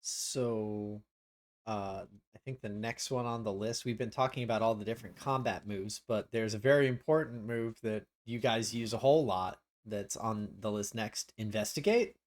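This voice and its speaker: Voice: medium pitch, moderate pace. A host with a mid-range voice keeps a casual chat moving. This speaker brings up the next topic and puts questions to the others. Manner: moves the talk along to the next topic with questions.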